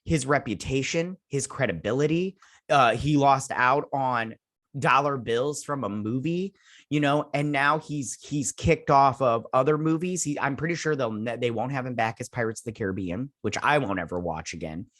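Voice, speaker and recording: A man's voice: mid-range voice, normal speed, a bit bright. A man hosting his own reaction vlog, ranting heatedly with many restarts and fillers. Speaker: YouTube channel host.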